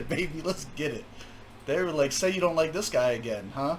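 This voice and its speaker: A man hosting a music reaction video, talking casually with jokes, laughter and quick asides. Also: on the high side, a crowd in the background. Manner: animated, laughing, joking asides.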